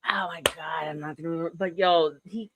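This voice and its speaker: A woman's voice: deep voice, fairly even intonation, brisk, a crowd in the background. A woman hosting a casual group chat on a stream, teasing her friends and laughing often. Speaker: stream host.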